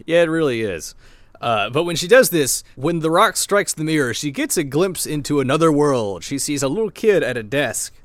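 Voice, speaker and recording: A slightly drunk man co-hosting a podcast, recapping a TV episode in a loose, animated way. His voice sits a bit high and bounces all over the place. The sound is dry and close. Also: normal speed, dry recording. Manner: animated storyteller who laughs mid-sentence. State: a little drunk. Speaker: podcast co-host.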